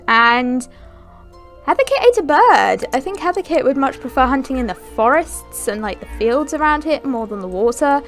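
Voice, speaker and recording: Young woman chatting over a sim game, high lively voice, giggly, talks to her cats. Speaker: gaming channel host. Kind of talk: casual let's-play commentary.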